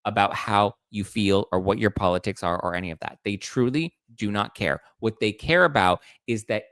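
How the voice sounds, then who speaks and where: A man's voice: fairly low pitch, moderate pace, a bit bright, no room sound. A man hosting a casual pop-culture gossip show, snarky and chatty, acting out quotes in mocking voices. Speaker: entertainment news host.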